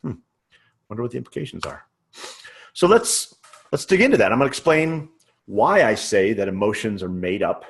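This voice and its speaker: A man with a fairly low voice leads a sales training lesson. He talks casually, thinks aloud and keeps asking "right?" to pull the listener along. His pitch sits a little below most men's. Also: very animated, moderate pace, vocal fry, pauses often. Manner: conversational, checks in with frequent "right?"; thinks aloud, uses everyday examples. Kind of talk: teaching lecture.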